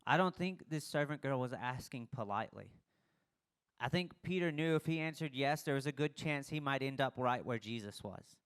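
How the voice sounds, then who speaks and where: A man's voice: mid-range voice, animated, moderate pace, fairly bright tone, clear, resonant tone. A young adult man, a pastor giving a casual sermon and acting out the lines of the people in the story. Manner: conversational, acts out quoted dialogue.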